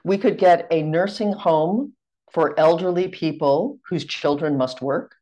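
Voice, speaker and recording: An American woman running a seminar over a video call, giving clear, measured and courteous instructions. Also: fairly low pitch, warm tone. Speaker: seminar facilitator.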